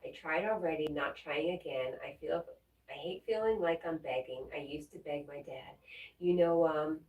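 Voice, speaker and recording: A woman hosting a livestream, reading viewers' messages aloud and answering them in a gentle, comforting way. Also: low-pitched, moderate pace, narrow, tinny audio. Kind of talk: casual livestream chat. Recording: roomy echo, mic at a distance.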